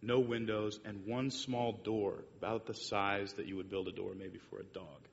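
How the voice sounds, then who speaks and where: Speaking at normal speed with a creaky voice and little pitch movement, a man presents a sermon with slides. His long story is packed with fillers and false starts, captured in a muffled, echoing hall with a faint rumble underneath.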